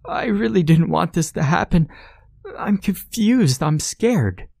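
A man voicing a frightened, desperate little boy who pleads in high cries. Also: lively intonation, slow pace, vocal fry, a little mellow, husky, dry recording, clean studio sound, heavily acted. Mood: pleading, terrified.

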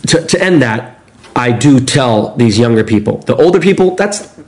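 Animated, profane man telling stories. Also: mid-range voice, moderate pace. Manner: animated, profane, acts out quotes. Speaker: podcast guest. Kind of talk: casual storytelling.

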